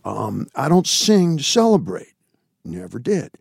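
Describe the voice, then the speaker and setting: Gravelly man in his sixties telling stories. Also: mid-range voice, a little slow, dry recording, clean studio sound. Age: 60s. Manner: animated raconteur, swings between loud and hushed; blunt, swears freely. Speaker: interview guest. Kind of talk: candid storytelling interview.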